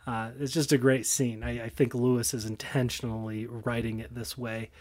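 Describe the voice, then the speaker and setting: A man's voice: mid-range voice, level tone, normal speed. A man hosting his own show, giving earnest, enthusiastic book commentary in a loose, conversational way. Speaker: host.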